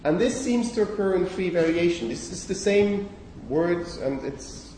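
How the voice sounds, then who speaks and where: A university lecture by a man whose voice is high-pitched, animated, and dark in tone, delivered a little slowly. He muses aloud with many okays and fillers, amending himself as he talks. It's captured from afar in an echoey lecture hall with a little hiss or hum.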